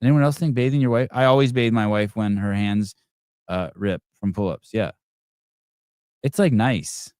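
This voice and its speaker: A man's voice: lowish voice, moderate pace, a little mellow, smooth, no room sound, clean studio sound. Blunt, profane male podcast host. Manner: profane, blunt, rambling rant. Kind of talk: live call-in show commentary.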